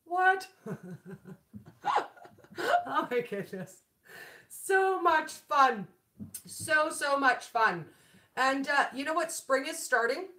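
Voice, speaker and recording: A woman's voice: sits high, expressive, slow pace, pauses often, pushed and bright. A woman in her forties hosting a casual live-stream chat about keto food, bubbly and laughing often, greeting viewers by name. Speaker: keto food channel host. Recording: echoey room.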